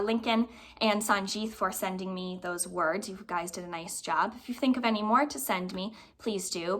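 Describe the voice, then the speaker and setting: A woman teaches a recorded phonics lesson to her young class. She talks clearly and patiently, with an encouraging tone. Her voice sits at an ordinary middle pitch. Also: fairly bright tone. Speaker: elementary school teacher. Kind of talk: remote phonics lesson for children.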